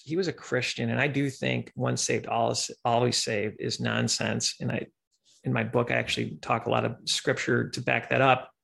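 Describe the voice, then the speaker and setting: A middle-aged man hosting a podcast, telling stories and dreams in an earnest, animated monologue with voiced quotes. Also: mid-range voice, creaky, husky. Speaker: podcast host sharing dreams. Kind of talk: casual monologue.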